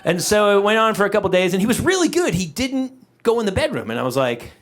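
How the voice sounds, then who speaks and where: A middle-aged male comedian telling an animated story on a live stage, shouting out the voices of himself and his dog. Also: high voice, fast talker. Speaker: stand-up comedian. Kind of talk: stand-up comedy set. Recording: live stage recording with audience noise. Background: audience laughter.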